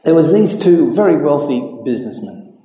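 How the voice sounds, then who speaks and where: A man's voice: big pitch swings, normal speed, mellow. Man telling a joke in an echoey hall. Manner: storytelling, jumps high for quoted voices. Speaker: speaker. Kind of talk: public talk with a joke.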